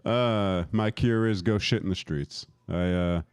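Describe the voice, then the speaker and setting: A man's voice: deep voice, a little slow, clean tone, no room sound. A man in his thirties doing a profane, rambling stand-up set, laughing at his own jokes and working the crowd. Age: 30s. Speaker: stand-up comic.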